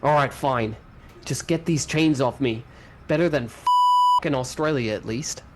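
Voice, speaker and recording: An actor playing a cranky, foul-mouthed radio host with a New Zealand accent who keeps saying mate, over loud background noise. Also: male voice, mid-range voice, a little slow, natural voice. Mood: grudging. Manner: swears constantly, bleeped, calls everyone mate.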